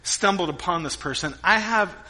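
A man preaching a sermon, animated and joking, acting out the characters' voices while a little sick. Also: high-pitched, normal speed, rough recording. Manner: animated, jokey, acts out voices. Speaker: pastor.

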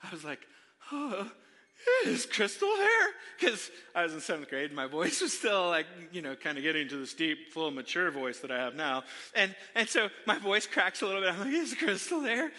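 A man preaching a sermon, telling a funny self-deprecating story from his childhood to the congregation in an animated way. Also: a little high, fast, few pauses. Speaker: pastor. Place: church sanctuary. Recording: long hall reverb.

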